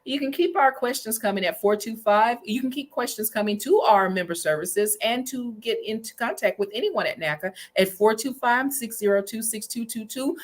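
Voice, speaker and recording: A woman co-hosting a promotional talk show, energetic and salesy, repeating herself as she pitches. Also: normal speed, few pauses. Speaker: co-host.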